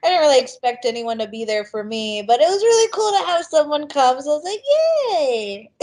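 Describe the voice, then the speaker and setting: Giggly high-voiced young woman. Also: moderate pace. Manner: giggly, animated storytelling. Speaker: guest fighter. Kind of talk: casual interview chat.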